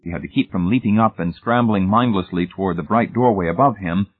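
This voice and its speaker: A man reading a suspenseful story aloud in a measured, scripted narration, heard over a tinny, phone-like recording. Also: low-pitched, breathy edge. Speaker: audiobook narrator.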